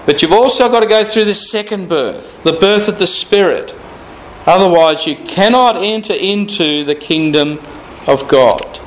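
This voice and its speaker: Guy teaching bible verse by verse, kinda high voice, leans hard on words, asks the listener questions. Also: unhurried, slight background noise, poor audio. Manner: emphatic, stresses key words, reads scripture aloud; repeats phrases, asks rhetorical questions.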